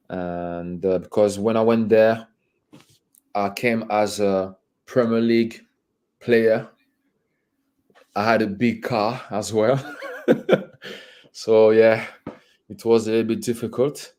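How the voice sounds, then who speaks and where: A man guest in a candid conversational interview, with a low, mellow voice. He talks haltingly, repeats words as he searches for them, and laughs between phrases. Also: smooth. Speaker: interview guest, former footballer.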